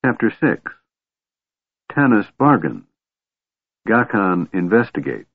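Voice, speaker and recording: Low, husky male audiobook narrator. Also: no room sound. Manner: measured, steady reading. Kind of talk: scripted narration. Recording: tinny phone-like band, dry.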